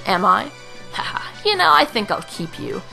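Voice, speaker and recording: A woman's voice: mid-range voice, big pitch swings, normal speed, creaky, sharp tone, soft background music, exaggerated voice, low-quality recording. A woman reading a haughty, cruel female general from a game, with theatrical gloating laughter. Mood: sly.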